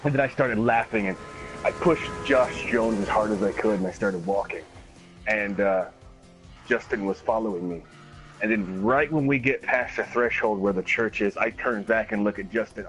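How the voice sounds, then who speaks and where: A man streaming a game, telling a long story in a casual, animated way, acting out other people's voices and swearing often. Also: fairly low pitch, normal speed, soft background music, low-quality recording. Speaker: gaming streamer. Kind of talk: casual storytelling while gaming.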